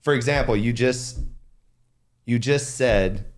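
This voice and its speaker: A man's voice: medium pitch, slow pace. A man hosting a podcast, talking candidly and casually, with frank swearing and reflective asides. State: emotional. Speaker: podcast host. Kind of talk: casual interview chat.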